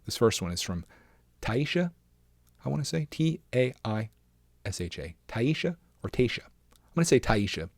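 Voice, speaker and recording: A man's voice: mid-range voice, sing-song, moderate pace, creaky, a little mellow, no room sound. A man in his thirties hosting a casual solo podcast, chatting in an upbeat, encouraging, rambling way. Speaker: podcast host.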